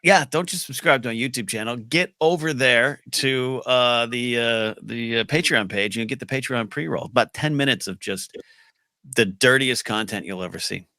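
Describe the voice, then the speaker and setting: A man's voice: mid-range voice, normal speed, bright, forceful tone, no room sound, studio quality. A man hosting a podcast in casual chat, playful and teasing. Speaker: podcast host.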